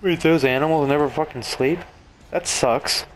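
A man's voice: fairly high pitch, moderate pace, slight background noise. A young man giving casual gameplay commentary in a crude, joking way, with plenty of swearing. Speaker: let's play gamer.

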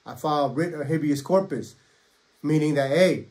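Middle-aged man, fairly high voice, blunt and streetwise, casual storytelling, clears throat a lot. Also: normal speed, a little mellow. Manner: blunt, streetwise, quotes others in dialogue, clears throat often. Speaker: storyteller recounting prison life. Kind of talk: casual first-person storytelling.

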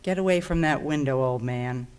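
A woman's voice: extremely low pitch, moderate pace, darkish tone, clear, resonant tone. A woman voicing a hard, dour former fighter who speaks in short lines. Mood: terse. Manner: terse, dour.

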